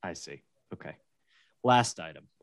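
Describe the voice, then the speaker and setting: A man's voice: sits low, measured pace, a little hiss or hum. A man co-hosting a casual podcast, chatty and joking as he tells stories. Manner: chatty, joking, animated storyteller. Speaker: podcast co-host. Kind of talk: casual chat.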